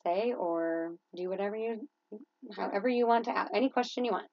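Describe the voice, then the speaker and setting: Playful, animated woman co-host. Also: medium pitch, fairly quick, no echo, dull audio. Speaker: podcast co-host. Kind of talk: casual faith chat.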